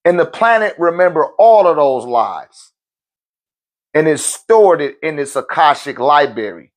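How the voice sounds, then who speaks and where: A man's voice: on the high side, sing-song, unhurried. A man teaching on a live-stream Q&A in loose, slangy talk, often checking in with his listeners. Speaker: spiritual teacher answering viewer questions.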